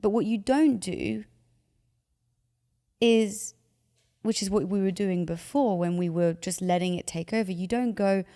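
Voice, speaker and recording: A woman's voice: mid-range voice, measured pace, long pauses, in a large hall. A woman giving emotional advice in conversation, animatedly acting out anxious thoughts. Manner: animated, acts out anxious inner voices.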